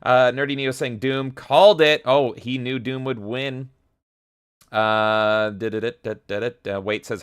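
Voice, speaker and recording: A man's voice: lowish voice, a bit bright, clear, resonant tone, no echo, studio quality. A man hosting a livestream, energetically reading viewer comments aloud and reacting with casual profanity. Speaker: livestream host.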